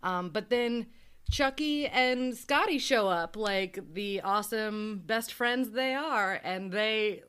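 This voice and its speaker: A woman's voice: mid-range voice, slow, clean tone. Chatty woman recapping a movie. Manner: animated, laughs often, acts out characters' lines. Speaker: podcast co-host. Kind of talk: casual movie recap chat.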